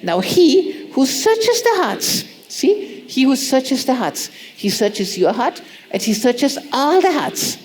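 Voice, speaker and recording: Woman preaching with lively emphasis. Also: high voice, takes it slowly. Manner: lively, repeats rhetorical questions; acts out prayers in soft pleading tones. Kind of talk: sermon.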